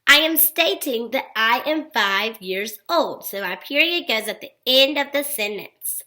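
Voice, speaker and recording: Encouraging high-voiced woman teaching young children. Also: expressive, pushed and bright, low-quality recording. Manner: slow, clear and encouraging, praising often. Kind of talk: recorded phonics lesson for young children.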